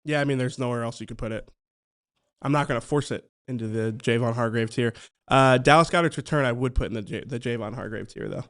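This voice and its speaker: A man's voice: mid-range voice, fast talker. A man co-hosting a casual sports podcast, weighing ideas aloud and often restarting his sentences. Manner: analytical, thinks aloud with fillers and restarts. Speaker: podcast co-host.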